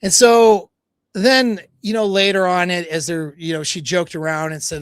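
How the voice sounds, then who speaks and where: A man's voice: sits high, moderate pace, no echo. A man talking as a dating coach on a livestream, retelling a story in a loose, rambling way with many fillers and quoted dialogue.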